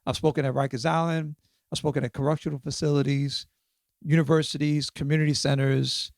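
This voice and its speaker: A man's voice: a little high, level tone, brisk, vocal fry, no echo, clean studio sound. A man in his fifties, a podcast guest and author, talking through his experiences in a reflective way, often checking in with "right?" and "you know". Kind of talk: casual interview conversation.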